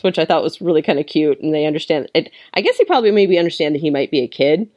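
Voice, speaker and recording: A woman with a low-pitched voice talks casually on a podcast about a comic she read. She sounds enthusiastic, laughing often and acting out the characters' lines. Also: animated, quick pace, hardly any pauses, darkish tone. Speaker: podcast co-host reviewing comics. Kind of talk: casual chat.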